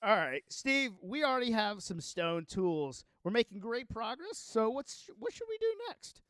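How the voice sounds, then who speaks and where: A man streaming a game, chatting casually, excitable and rambling, often cutting himself off. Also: sits high, unhurried, smooth, no room sound, studio quality. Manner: excitable, rambling, self-interrupting. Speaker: gaming streamer. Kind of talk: casual livestream chat while playing.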